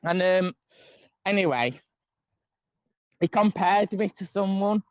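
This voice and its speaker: A man's voice: high voice, takes it slowly, darkish tone, dry recording, highs cut off. A man tells a long story in casual chat over a video call. He rambles, with many fillers and restarts. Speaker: guest caller.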